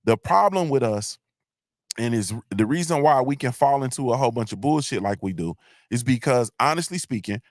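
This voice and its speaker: A man hosts a live morning show, giving casual motivational talk in a mid-range voice recorded cleanly in a studio with no echo. He's blunt and emphatic, curses freely, repeats himself, and keeps asking his listeners "you feel me?".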